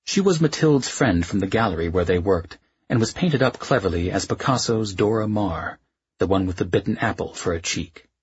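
A man narrating an audiobook in an expressive, wry way. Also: low voice, moderate pace, husky, muffled recording. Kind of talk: scripted narration.

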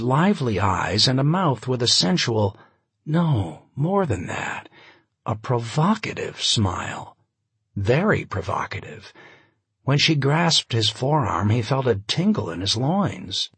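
A man reading a novel aloud, a measured and expressive narration with a wry touch. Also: mid-range voice, breathy edge, no echo. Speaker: audiobook narrator. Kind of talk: scripted narration.

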